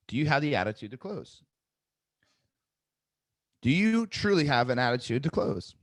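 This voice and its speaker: A man's voice: medium pitch, normal speed, long pauses, dry recording. Upbeat male trainer running a live webinar, dry mic, drills his points home. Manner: energetic, repeats key phrases, acts out sales calls with varied tonality. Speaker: sales trainer hosting a webinar.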